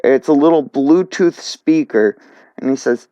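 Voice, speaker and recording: A young man tells a story in a casual, stumbling way, full of fillers and restarts. His voice sits at an ordinary middle pitch. The recording is dull and lo-fi, close and dry with no room sound. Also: dark tone, no room sound. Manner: halting, many restarts and fillers.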